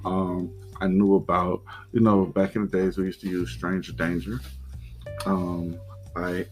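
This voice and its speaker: Slow, low-voiced man telling his story. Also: poor audio. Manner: halting and reflective, with many pauses and restarts. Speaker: podcast host. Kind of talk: personal storytelling.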